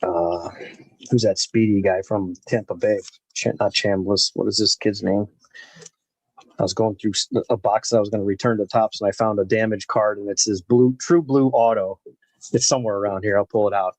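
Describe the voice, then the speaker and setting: He has a fairly low, slightly mellow voice with a gravelly, husky texture, speaking at normal speed with fairly even intonation. As host of a live baseball card break, he chats loosely with viewers by name while opening packs. No room sound, but low-quality audio.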